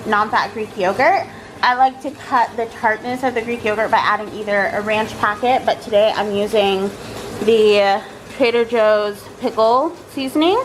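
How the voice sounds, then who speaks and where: Chatty woman vlogging in her kitchen. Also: fairly high pitch. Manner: chatty, explains as she cooks, frequent ums. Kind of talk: casual kitchen vlog voice-over. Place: home kitchen. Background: kitchen fan and frying noise.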